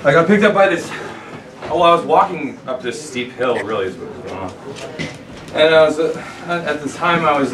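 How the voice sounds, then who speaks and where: Rambling man telling a story on a distant, roomy stage. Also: fairly low pitch. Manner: rambling, halting, lots of restarts and swearing. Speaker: storyteller at a live show. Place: live venue with an audience. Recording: roomy, distant live recording with noise.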